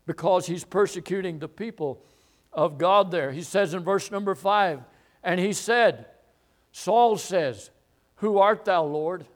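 A man preaching a sermon who explains a Bible passage, repeats phrases for emphasis and swells into loud declarations. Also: sits high, expressive, unhurried. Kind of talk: sermon, expository Bible teaching.

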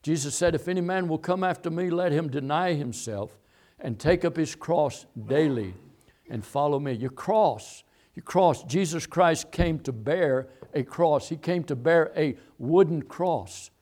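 A man preaching a sermon, moving from calm, halting explanation to fervent, near-shouting emphasis, with many repetitions and restarts. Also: a little high. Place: rural, works in a barn.

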